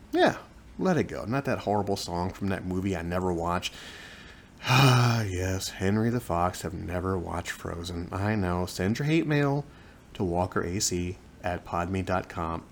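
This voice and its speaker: A man in his forties with a fairly low voice, hosting a podcast from his couch at home. He talks close to the microphone in a joking, self-mocking way, jumping from loud bursts to quiet asides. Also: slight background noise. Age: 40s. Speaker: podcast host. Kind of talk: casual comedic monologue. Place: living room at home, on a couch. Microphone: microphone close in front of his face.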